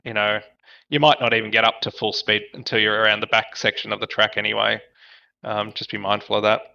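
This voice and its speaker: A man's voice: on the low side, flat delivery, a little fast, gravelly, pushed and bright, lo-fi sound. A man giving the race briefing over voice chat to online sim racers. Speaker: race director.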